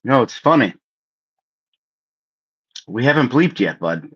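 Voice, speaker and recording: A man's voice: medium pitch, sing-song, slow pace, breathy edge. A young man co-hosting a casual livestream, talking loosely with casual swearing. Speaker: co-host of a livestream. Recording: slightly dull lo-fi sound.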